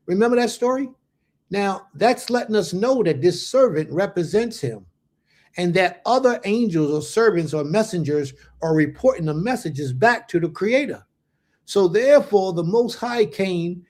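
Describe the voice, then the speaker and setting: A man's voice: sits high, lively intonation, normal speed, a little mellow. A man giving a casual livestream Bible lesson, speaking directly to his viewers in an informal, slangy way. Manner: conversational, talks to viewers directly. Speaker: Bible teacher.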